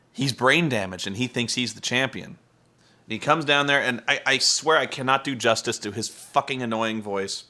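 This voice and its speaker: A man's voice: mid-range voice, pushed and bright. A man giving a profane, exasperated comedic rant while recapping a wrestling show, mimicking wrestlers.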